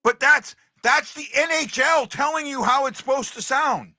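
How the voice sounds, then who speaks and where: Man, stream host, casual chat, bright voice, dry close sound. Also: extremely high pitch, normal speed, dry recording. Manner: chatty, talks to viewers, repeats himself. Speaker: hockey podcast host.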